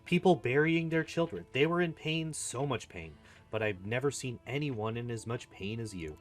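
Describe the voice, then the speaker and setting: Man reading as a gentle pleading young healer. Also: medium pitch, lively intonation, normal speed, faint music behind, lightly acted. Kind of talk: reading game dialogue aloud.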